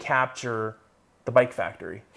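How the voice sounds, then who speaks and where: A man in his forties telling stories in a casual interview in his garage, animated and swearing as he acts out what people said. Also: mid-range voice, moderate pace, vocal fry. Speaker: garage collector, guest. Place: home garage, indoors.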